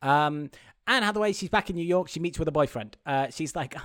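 A man with a somewhat high voice co-hosts a relaxed film discussion. He rambles, restarts his sentences and argues his opinions at length. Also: fairly quick. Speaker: podcast co-host. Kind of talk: casual film review chat.

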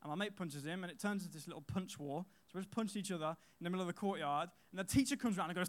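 A man's voice: high-pitched, fast talker. A young man, giving a casual youth sermon in a chatty storytelling manner with fillers and repeated phrases. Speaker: youth speaker.

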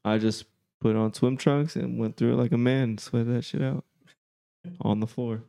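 A man's voice: medium pitch, level tone, normal speed, vocal fry, warm tone. A young man in a casual chat, joking in a laid-back way and swearing.

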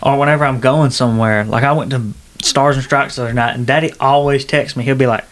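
A man's voice: mid-range voice, steady tone, quick pace, hardly any pauses, fairly bright tone. A young man, rambling and laughing through casual podcast talk. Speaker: podcast co-host, son. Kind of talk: casual chat.

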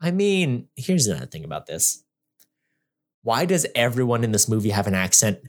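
A man's voice: medium pitch, big pitch swings, normal speed. A man co-hosting a podcast, reviewing a movie in casual chat with a sarcastic, rambling manner.

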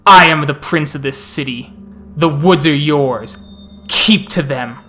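A man voicing a cold, threatening vampire prince who speaks in a measured way. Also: on the high side, bright, forceful tone. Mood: gloating threat. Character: menacing vampire prince of the city, male.

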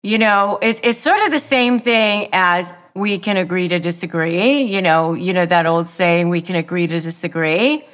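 A woman hosting a self-help podcast, talking straight to the listener in a deliberate way and repeating key phrases for emphasis. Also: on the low side, fairly bright tone. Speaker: podcast host. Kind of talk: self-help advice monologue.

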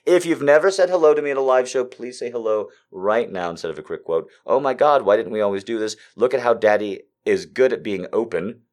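A man hosting a live show in a casual, rambling, sardonic way, swinging between loud bursts and quiet asides. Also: mid-range voice, brisk, few pauses. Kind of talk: casual live-stream chat.

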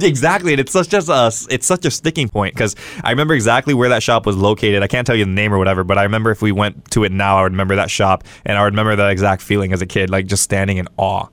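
A young man from Hawaii telling a story casually as a podcast guest, animated and full of fillers and quoted dialogue. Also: on the low side, smooth, no echo. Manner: fast, animated, lots of fillers and acted-out quotes. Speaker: guest streamer.

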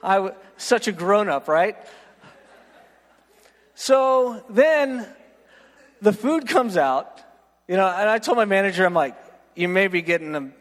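A man preaching a storytelling sermon, animated and self-mocking, often checking in with "right?". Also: high voice, measured pace, long pauses. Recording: long reverb of a large hall.

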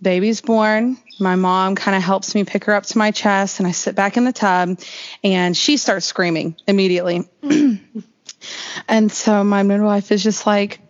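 A woman with a mid-range voice talks at a measured pace, telling a long personal story as an interview guest. She rambles in a chatty way and says "like" constantly. The recording is lo-fi and slightly dull.

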